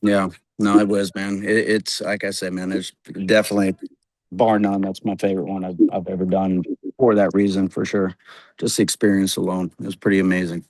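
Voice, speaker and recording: A relaxed man chatting as a podcast guest in a slightly low voice, easygoing and loose with the swearing. The sound is close and dry, with no room around it. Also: brisk, no room sound, low-quality recording. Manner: laid-back, swears freely, says "dude" a lot. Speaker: guest stuntman. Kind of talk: casual podcast chat.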